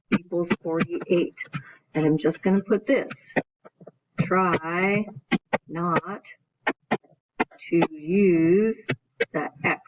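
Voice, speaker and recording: A woman math teacher giving a recorded video lesson, explaining each step in order and often checking in with "right?". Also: on the low side. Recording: dull lo-fi recording.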